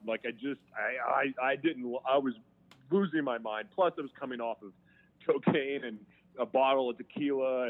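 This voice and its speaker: Frank man on a tinny line. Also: mid-range voice. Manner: frank, emotional, halting with restarts. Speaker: interview guest. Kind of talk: candid personal storytelling. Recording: tinny phone-line sound.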